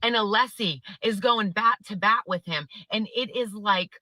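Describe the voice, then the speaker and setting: A woman's voice: medium pitch, moderate pace, sharp tone, no echo, low-quality recording. A woman giving a sarcastic, profane rant about a trial day, sounding fed up. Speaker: social media commentator. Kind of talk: ranting trial commentary.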